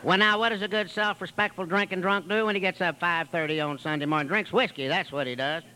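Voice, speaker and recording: A man's voice: sits high, steady tone, quick pace, bright, forceful tone, poor audio. A man speaking at a recovery meeting, telling his story in a folksy, wry way with long piled-up lists. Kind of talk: storytelling testimony.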